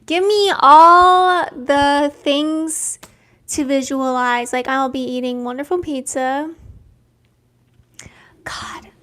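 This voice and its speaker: A young woman hosting a casual live stream, reading out viewers' names and talking gently and affirmingly about dreams. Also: high voice, fairly even intonation. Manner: slow, gentle, spiritual and affirming.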